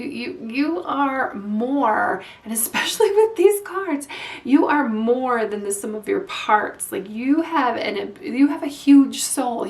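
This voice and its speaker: A woman doing a spiritual tarot reading, talking in a rambling, halting way with many fillers. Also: a little high, recorded from a distance. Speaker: tarot reader. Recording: echoey room, away from mic.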